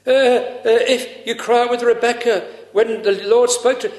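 A man preaching a solemn, earnest sermon with slow pauses, quoting old scripture. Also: extremely high pitch, fairly even intonation, a little mellow.

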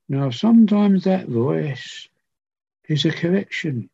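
An older man preaching slowly and earnestly, pausing often and circling back to repeat his words. His voice is warm and mellow. The recording is dull and lo-fi. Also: high voice, dry recording. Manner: slow, earnest pleading with repeated phrases and many pauses. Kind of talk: sermon.

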